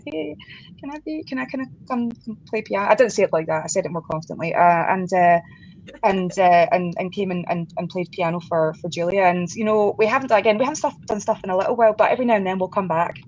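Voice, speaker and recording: A woman's voice: mid-range voice, fairly even intonation, quick pace, a little mellow. A woman guest musician in a casual interview, chatting with frequent laughs, fillers and restarts. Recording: dull lo-fi sound with faint background noise.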